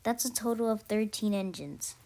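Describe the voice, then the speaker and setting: A woman's voice: medium pitch, creaky, dark tone. A woman narrating a first-person story aloud, amateur and unpolished. She stumbles often, backs up and corrects herself mid-sentence before moving on. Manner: halting, frequent self-corrections. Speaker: story reader.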